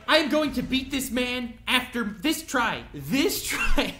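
A man's voice: very high voice, big pitch swings, slow pace, noisy background. A young man commenting on his own gameplay, taunting the boss and venting to his chat between frustrated outbursts. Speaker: gaming video creator.

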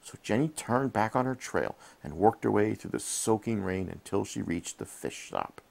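A man reading a bedtime story to his child while in bed, gently asking questions along the way, recorded on a head-mounted camera. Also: fairly low pitch, lively intonation, moderate pace, vocal fry. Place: in bed at home.

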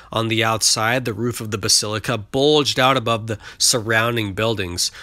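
A man narrating a novel in a measured, steady reading voice, sometimes catching himself and restarting a word. His tone is bright and forceful, and the recording is dry and close. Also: mid-range voice, dry recording. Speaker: audiobook reader. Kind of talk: scripted narration.

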